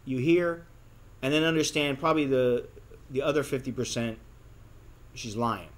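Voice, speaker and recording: A man's voice: a little high, a bit bright. An American man vlogging casually, telling a candid story bluntly and acting out the dialogue. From United States. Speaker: expat vlogger.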